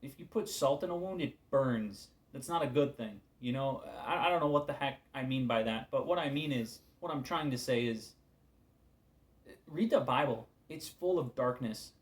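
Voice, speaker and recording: A man giving an informal devotional talk as a preacher, casual and candid, weary and subdued, often trailing off into quiet asides. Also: mid-range voice, animated, moderate pace.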